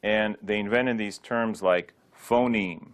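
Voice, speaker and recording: A man with a lowish voice leads a pronunciation lesson at an unhurried, deliberate pace. He says each word carefully and repeats it so listeners can copy him, and drops in a light joke now and then. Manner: drills words slowly, repeating each one for the listener to copy; light asides and jokes between drills. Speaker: Sanskrit teacher. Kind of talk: slow spoken pronunciation lesson.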